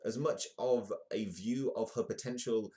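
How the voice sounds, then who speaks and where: A man's voice: fairly low pitch, measured pace, mellow. A man hosting a comedic live news show, reading newspaper stories aloud and breaking off for jokey asides. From United Kingdom. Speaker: host.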